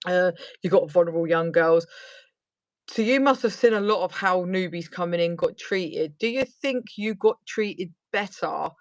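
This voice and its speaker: A woman's voice: fairly low pitch, normal speed, dry recording. A woman hosting a casual interview, asking long rambling questions full of fillers. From United Kingdom. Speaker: host.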